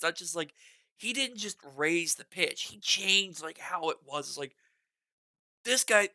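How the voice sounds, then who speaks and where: A man hosting a music reaction video, chatting excitedly and rambling through his thoughts, with faint music behind him. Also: high voice, no echo, studio quality. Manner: excitable and rambling, with many restarts and bursts of enthusiasm. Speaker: music reaction channel host. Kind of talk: casual reaction commentary. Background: faint music from the song being reacted to.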